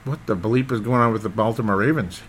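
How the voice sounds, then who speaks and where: A man hosting a casual solo football recap, rambling and excitable and often losing his train of thought. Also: lowish voice, quick pace, husky. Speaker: sports podcast host.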